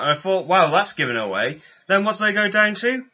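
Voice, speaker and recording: A man's voice: on the high side, a little fast, pushed and bright, lo-fi sound. A man co-hosting a podcast, chatting casually about a TV show and joking and laughing often. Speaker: podcast co-host.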